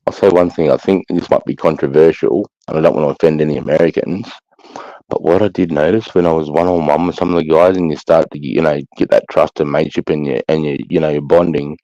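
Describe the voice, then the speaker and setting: Gravelly deep-voiced Australian bloke. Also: male voice, fairly even intonation, fast, mellow, no room sound, lo-fi sound. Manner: crude swearing storyteller. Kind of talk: casual online chat.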